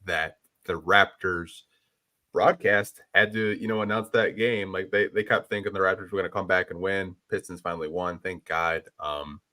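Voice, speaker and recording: A man with a very low voice co-hosting a casual sports podcast. He rambles in a laid-back way and fills his talk with "like" and "dude". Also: steady tone, normal speed, sharp tone. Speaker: podcast co-host.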